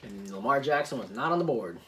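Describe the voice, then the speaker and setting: An excitable man hosting a relaxed chat whose pitch swings widely, laughing often and bursting into loud mock outrage. A faint hiss sits under his voice. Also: a little fast. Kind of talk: casual chat.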